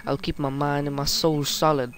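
A man giving excitable gameplay commentary, swearing and reading game text aloud. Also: fairly high pitch, normal speed. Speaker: gaming video host.

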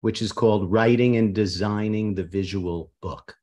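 A man speaks as an interview guest over a video call. His voice is low, and he answers in a measured, precise way. He grew up in Queens, New York. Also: crowd noise. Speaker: guest author and artist.

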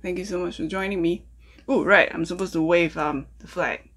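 A woman food vlogger with a fairly low, steady, slightly bright voice chats at a normal pace while she cooks and eats breakfast, filling her talk with ums and uhs. She speaks straight to her viewers and asks them questions in this casual cooking and mukbang chat. Faint music plays in the background.

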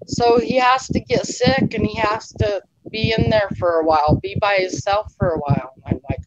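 A woman's voice: mid-range voice, normal speed, few pauses, noisy background. Woman recounting a story, lo-fi sound. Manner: rambling, emotional retelling with quoted dialogue. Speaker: interview guest. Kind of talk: casual storytelling.

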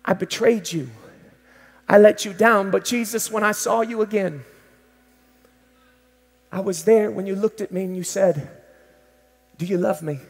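A man's voice: extremely high pitch, moderate pace, bright, forceful tone, full character voice. A pastor voicing Peter, pleading fisherman. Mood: remorseful. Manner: heartfelt first-person prayer, intense and pleading. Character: the apostle Peter, adult fisherman, devoted and remorseful. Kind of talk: dramatized sermon monologue. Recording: long hall reverb.

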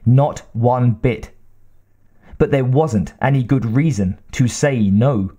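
Guy reading an audiobook, slow and measured, mid-pitched voice. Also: mellow, slightly rough. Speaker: audiobook narrator. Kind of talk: scripted narration.

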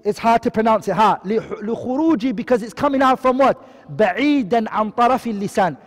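A man teaching a tajweed lesson online, quickly reciting Arabic terms and then explaining them in English, often asking a question and answering it himself. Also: sits high, big-room sound. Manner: quizzing, asks and answers his own questions.

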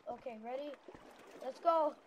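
A high-pitched woman talks her way through a video game, stammering and breaking into yells at enemies. Loud game sound plays under her voice the whole time. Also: measured pace, dull audio, background noise. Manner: excitable, stammering, yelling at enemies. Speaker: gameplay narrator. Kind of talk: let's-play commentary.

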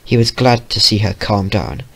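A man reading a fan story aloud in a plain, steady way. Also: fairly low pitch, normal speed, creaky. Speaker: fanfiction reader.

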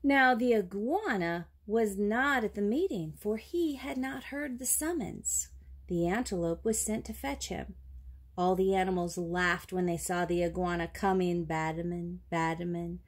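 A woman reading a children's picture book aloud, slow, clear and expressive. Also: mid-range voice. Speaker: storybook reader. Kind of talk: children's story read-aloud.

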